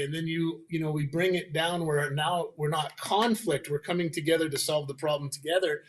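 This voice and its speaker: A man with a fairly high voice explains his ideas as a guest on a faith-based talk show. He tells his examples in a lively way and acts out the voices of the people he quotes. His voice sounds a little distant from the mic. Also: a little fast, few pauses. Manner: animated storyteller, acting out quoted voices. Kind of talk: conversational explanation.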